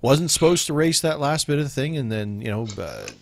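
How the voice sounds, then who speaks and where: A man co-hosting a casual chat, animated and joking by acting out imagined lines. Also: fairly high pitch, brisk, vocal fry, a little hiss or hum.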